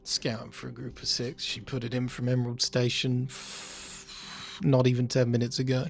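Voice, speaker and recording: Gravelly man giving orders in role-play. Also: mid-range voice, monotone, normal speed. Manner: organizing, giving instructions. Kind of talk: in-character role-play chat.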